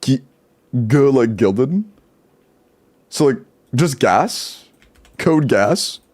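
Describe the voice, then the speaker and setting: A young man talks casually in a mid-range voice, as if streaming from home. He rattles through numbers fast and breaks into laughter often. His tone stays loose and chatty. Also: medium pitch, animated, darkish tone, husky. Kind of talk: casual live-stream chat.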